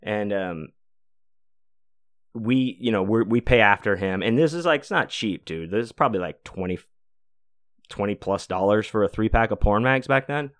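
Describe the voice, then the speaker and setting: A man's voice: fairly low pitch, lively intonation, moderate pace, a bit bright, no room sound, clean studio sound. A man in his forties hosting a podcast, telling a long, rambling story in casual talk, full of fillers and cursing. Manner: rambling, profane, many fillers. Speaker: podcast host.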